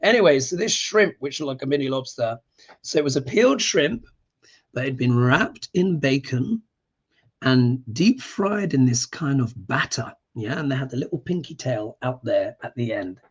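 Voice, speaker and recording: A man hosting a casual live stream as an astrologer, talking in an animated, emphatic way and often clearing his throat. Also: medium pitch, moderate pace, lo-fi sound.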